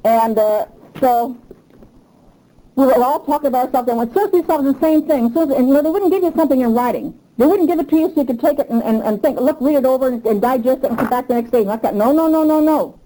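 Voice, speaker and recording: Older woman interviewee, mellow, a touch high; emphatic, repetitive storyteller who gets revved up. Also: fast talker, low-quality recording. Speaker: union member interviewee. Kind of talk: oral history interview.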